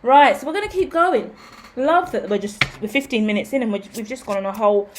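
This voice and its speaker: A woman, hosting a tarot channel in a casual, rambling monologue. She is animated, swears freely and acts out what she talks about. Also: fairly high pitch, a little fast, noisy background. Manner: animated, profane, theatrical.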